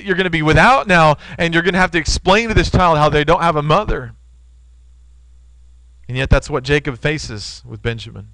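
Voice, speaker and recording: A man's voice: fairly high pitch, a bit bright, no echo, rough recording. A man in his thirties preaching a sermon, earnest and storytelling, speaking to his listeners as friends.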